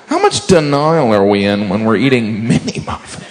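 A man's voice: lowish voice, wildly swooping pitch, moderate pace, roomy sound. A man doing observational stand-up on stage, with a punchy delivery. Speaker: stand-up comedian. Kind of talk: stand-up routine. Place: comedy club stage. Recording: live recording with background noise.

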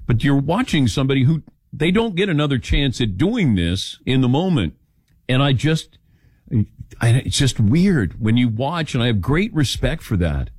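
A man's voice: mid-range voice, very animated, normal speed, a little mellow, husky, no echo, clean studio sound. An older man hosting a radio talk show, telling stories and acting out quoted lines in casual chat.

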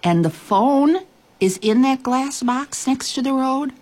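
A woman's voice: sits high, animated, slow, darkish tone, pitched above the performer's own voice, exaggerated voice. A woman voicing a curious little long-haired creature in a storybook reading, puzzled and asking simple questions. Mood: wondering. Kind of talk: storybook voice acting.

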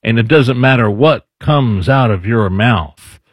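A man's voice: medium pitch, unhurried, husky, no echo. A man hosting a casual political commentary show, talking loosely with restarts. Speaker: show host.

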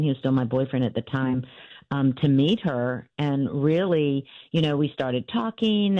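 A woman's voice: a bass voice, no echo, highs cut off. A woman author telling her family's story in an interview, earnest and full of fillers and restarts.

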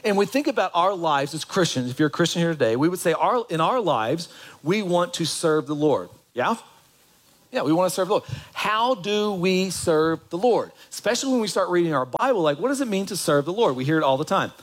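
A pastor with a high-pitched, expressive voice preaches a sermon a little fast, keeping it conversational by putting questions to the congregation. The recording quality is low.

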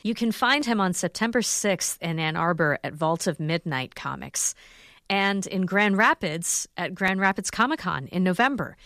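A woman radio host with a fairly low voice closes out an interview. She reads the listener announcements in a measured, composed manner. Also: expressive, fairly bright tone, no echo, studio quality.

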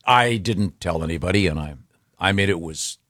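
Male radio host, very deep voice, halting, rambling storyteller, dry close mic. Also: fairly bright tone, dry recording. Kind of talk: casual radio chat.

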